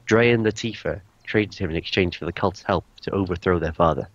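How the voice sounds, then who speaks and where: A man's voice: low voice, brisk, no echo. A man reading a character backstory aloud at a tabletop game, often close to laughing. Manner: reads aloud, breaking into laughter. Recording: dull lo-fi sound, dry.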